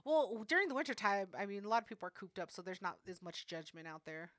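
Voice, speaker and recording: A young woman co-hosting a podcast, telling stories loudly and brashly, with plenty of swearing. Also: medium pitch, sing-song, fast, no room sound, clean studio sound. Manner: loud, brash storytelling with heavy swearing. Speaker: podcast co-host. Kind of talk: casual chat.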